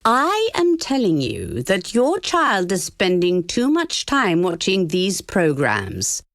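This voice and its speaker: A woman plays a prim school official who speaks slowly and deliberately, her pitch rising and falling widely. She is firm and formal, and the recording is dry and close. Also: huge pitch swings, no room sound, exaggerated voice. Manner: measured, formal and insistent. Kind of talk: animated story dialogue.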